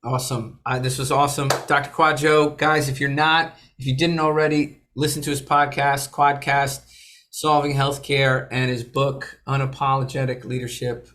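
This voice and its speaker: A man co-hosting a podcast who talks in halting stops and starts, full of fillers, in casual chat. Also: medium pitch, flat delivery, sharp tone, a little hiss or hum. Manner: halting, lots of "you know" fillers. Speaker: podcast co-host.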